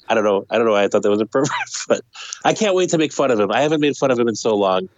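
A man's voice: mid-range voice, expressive, very fast, dry recording, muffled recording. A man co-hosting a podcast in casual chat, laughing often and chiming in. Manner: laughs often, chimes in with short replies. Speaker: podcast co-host.

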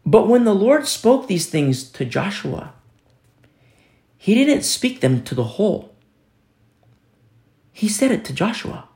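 A man delivers a sermon at an unhurried, deliberate pace, his voice sitting slightly high for a man. He drives points home by repeating short phrases and drifts into a casual, storytelling tone with fillers. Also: very animated, gravelly, a little mellow. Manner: emphatic, repeats phrases for stress. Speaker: preacher.

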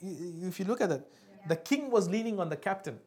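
Man preaching with loud bursts and hushed asides. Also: sits high, animated, fast. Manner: emphatic preaching with sudden loud peaks and hushed drops; asks the congregation for responses. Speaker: pastor. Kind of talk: sermon.

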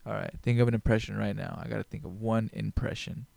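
A man chats alone into a close microphone, his voice carrying a gravelly, creaky texture. He rambles, jokes and curses freely, sounding loose and unscripted. The room sound is dry. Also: lowish voice, flat delivery, fast talker, a little mellow, dry recording. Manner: rambling, profane, joking. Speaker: podcast host. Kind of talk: casual solo podcast monologue. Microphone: headphones on, close mic.

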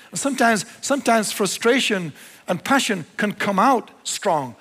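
A pastor preaching a sermon, animated, dropping to quiet low asides and then rising to emphatic lines. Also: male voice, gravelly. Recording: long hall reverb.

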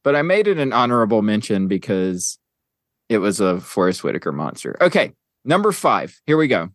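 Rambling podcast host, lively man. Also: on the low side, normal speed, no room sound, clean studio sound. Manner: rambling, filler-heavy, eager list-counting. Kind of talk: casual chat.

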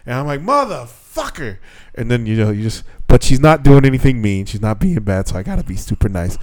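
Podcast co-host, male, swings all over in pitch, dry close sound, swears freely. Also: fast, no echo, poor audio. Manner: animated storyteller, swears freely, squeaky voices when quoting people. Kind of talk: casual chat.

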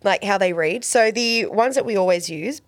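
A woman's voice: mid-range voice, normal speed, no room sound. A woman co-hosting a podcast, chatting casually about a TV episode, laughing often and reading synopses aloud. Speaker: podcast co-host. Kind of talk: casual TV recap chat.

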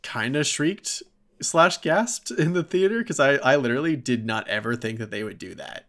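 A man co-hosting a podcast in casual chat, an excitable fan who fills his talk with "like". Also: medium pitch, normal speed. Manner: excitable fan, heavy on "like" fillers. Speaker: podcast co-host.

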